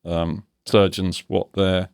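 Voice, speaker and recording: A man's voice: sits low, level tone, slow pace, creaky, a little mellow, smooth, dry recording, studio quality. A man in his fifties, a podcast guest, talking reflectively and analytically in a casual interview, often restarting his sentences. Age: 50s.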